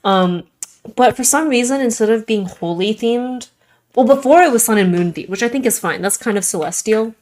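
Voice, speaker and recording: A woman's voice: fairly high pitch, normal speed, a little mellow. A young adult woman streaming a game and chatting casually, rambling with lots of "like" in a Valley Girl-ish way. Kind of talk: casual gaming stream chat.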